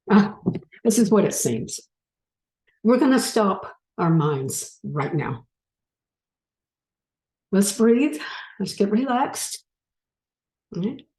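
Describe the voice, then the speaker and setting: A woman giving a spiritual talk and leading her audience through a guided exercise, gently coaxing and unhurried. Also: medium pitch, echoey room, low-quality recording. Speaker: speaker leading a group exercise.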